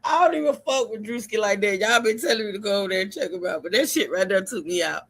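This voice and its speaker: A woman hosting a casual livestream, telling stories loudly, laughing and swearing. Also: medium pitch, quick pace, slight background noise. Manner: loud, laughing, profane, animated storytelling. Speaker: streamer host.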